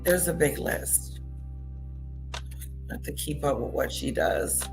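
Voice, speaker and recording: A woman's voice: sits low, sing-song, slow pace, music in the background. A woman streamer giving gossipy, scornful commentary as she tells the story of a feud.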